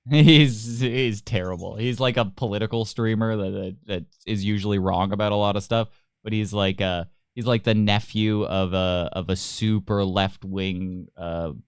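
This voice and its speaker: Man, podcast co-host, casual banter, smooth resonant voice, dry close sound. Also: lowish voice, dry recording. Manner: laughs often, animated when mocking others. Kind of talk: casual chat.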